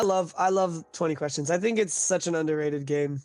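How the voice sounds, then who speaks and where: A man hosts a live stream in easy, upbeat conversation, laughing often. His voice sits a little high and sounds slightly worn after a recent illness. Faint music plays in the background. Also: brisk, a little mellow, dry recording. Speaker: host. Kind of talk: casual chat.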